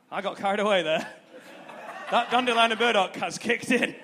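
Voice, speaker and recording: A man compèring a comedy night on stage, loud and excitable, breaking into shouts. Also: extremely high pitch, fast talker, some chatter behind. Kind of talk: stand-up compèring. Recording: live room with long reverb.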